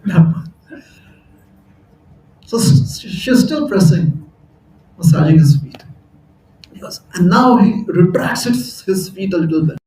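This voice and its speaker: A man tells a sermon story in a chatty way, often laughing at his own jokes. His voice sits high and mellow, and he speaks slowly. He sounds distant in an echoing hall. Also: expressive, slight background noise. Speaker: temple speaker. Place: temple hall. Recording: echoey hall, voice from far off.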